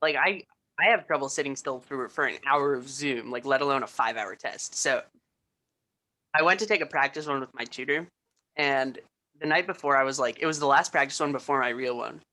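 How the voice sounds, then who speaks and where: A woman's voice: extremely low pitch, brisk, pushed and bright. A young woman telling a story in casual chat, rambling with many fillers and restarts. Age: young adult. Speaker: student co-host.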